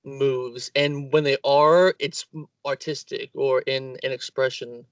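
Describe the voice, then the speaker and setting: Slow-talking man, distant dry mic. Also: mid-range voice, little pitch movement, no room sound. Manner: slow, searching, stumbles over words. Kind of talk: casual conversation about architecture.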